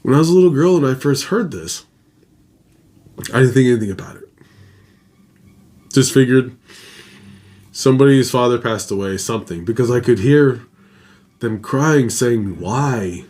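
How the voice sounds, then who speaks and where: A man's voice: mid-range voice, animated, moderate pace, long pauses, darkish tone. A man hosting a show, reading a listener's ghost story aloud in a casual, dramatic way with his own asides. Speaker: host.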